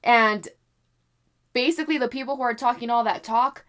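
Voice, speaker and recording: A young adult woman reading tarot cards for sports predictions in a casual chat to her viewers, animated, swearing freely and often apologizing. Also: a little high, normal speed, clear, resonant tone. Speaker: tarot reader predicting basketball games.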